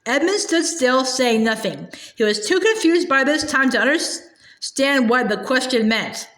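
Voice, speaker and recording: A woman reads a storybook aloud in a calm, measured voice that sits high. The recording carries a roomy echo. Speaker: narrator. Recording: echoey room.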